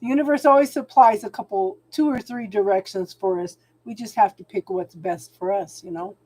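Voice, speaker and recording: A woman's voice: medium pitch, moderate pace, darkish tone. A middle-aged woman hosting a spiritual channel, chatting casually on a livestream and talking to viewers by name.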